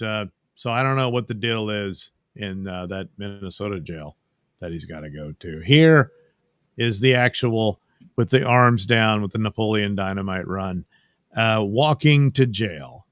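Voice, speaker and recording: A cartoonist walks through his digital artwork in a slow, unhurried drawl with a fairly low voice. He rambles and drops dry, sardonic jokes along the way. The recording is dry and close, with no room sound. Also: a bit bright, no room sound. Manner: rambling, wry and sardonic asides. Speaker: cartoonist and channel host. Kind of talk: casual narration over a drawing screencast.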